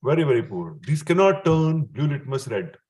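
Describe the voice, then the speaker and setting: A man's voice: medium pitch, big pitch swings, normal speed, warm tone. Indian man teaching chemistry. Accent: Indian English. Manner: checks in with the student often, chuckles at his own remarks. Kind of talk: explanatory classroom lecture.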